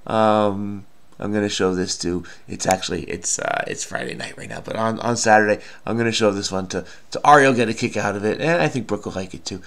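A man's voice: fairly low pitch, a little fast, fairly bright tone. Man muttering through a crossword. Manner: muttering to himself, many fillers and trailing "I don't know". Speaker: crossword solving video host. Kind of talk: casual think-aloud puzzle solving.

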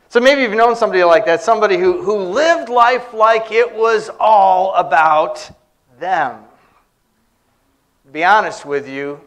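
High-voiced male preacher telling stories. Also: fairly bright tone. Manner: storytelling with humorous anecdotes. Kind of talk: sermon. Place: church.

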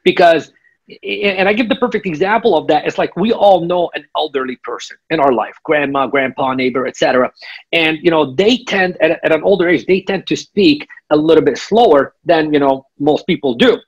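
A man's voice: on the high side, fairly quick, breathy edge, lo-fi sound. A man coaching as an interview guest, emphatic and checking in with the listener. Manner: emphatic, checks in with repeated "okay?". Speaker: real estate coach, guest.

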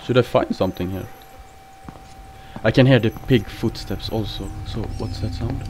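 A man's voice: lowish voice, normal speed, darkish tone, slight background noise. A man commentating a horror game, easily frightened, swearing a lot, shrieking and talking himself down with repeated reassurances. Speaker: gameplay commentator. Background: game music.

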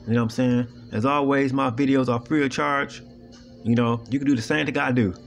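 A man's voice: medium pitch, fairly even intonation, brisk, vocal fry, soft background music. A man with hosting a video, talking straight to viewers in a blunt, preachy, profane way and often asking "you know what I'm saying". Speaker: video host. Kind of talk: casual monologue to viewers.

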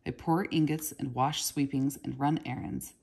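A woman voicing a proud, grieving goldsmith's son who speaks curtly, in a low, husky, gravelly voice. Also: steady tone, moderate pace, darkish tone, heavily acted. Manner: curt, brusque, then humble.

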